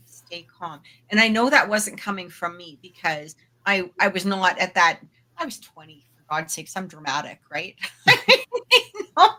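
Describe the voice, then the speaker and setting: Bright-voiced chatty woman storyteller. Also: medium pitch. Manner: chatty, full of fillers and asides; laughs readily while telling. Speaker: podcast co-host. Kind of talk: casual storytelling.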